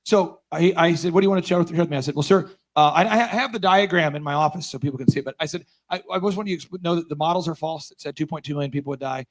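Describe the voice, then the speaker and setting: Man, fairly high voice, storytelling talk, acts out quoted dialogue, lively. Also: very fast, few pauses. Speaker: conference speaker.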